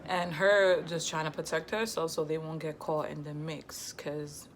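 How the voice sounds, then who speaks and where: A young woman telling a personal story on her vlog in a slangy, heated, lively way. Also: deep voice, measured pace, background noise. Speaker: vlogger. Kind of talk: casual storytime.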